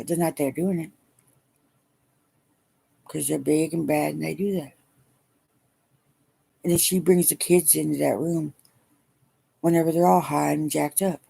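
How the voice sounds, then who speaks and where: A middle-aged woman speaking haltingly and wearily in a personal video diary, emotional as she talks. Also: sits low, gravelly, warm tone, slightly rough. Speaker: vlogger.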